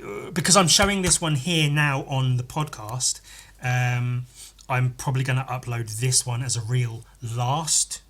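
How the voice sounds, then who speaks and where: A man's voice: mid-range voice, fairly bright tone. A man hosting a podcast, chatting casually and rambling while he draws, swearing freely and muttering to himself. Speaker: podcast host and artist. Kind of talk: casual chat while drawing.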